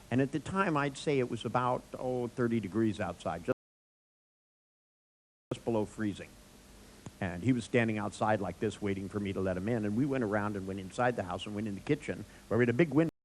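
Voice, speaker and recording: Low-voiced man telling a wry story. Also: slight background noise, poor audio. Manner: animated, acts out dialogue in quotes. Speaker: speaker. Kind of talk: storytelling talk to an audience.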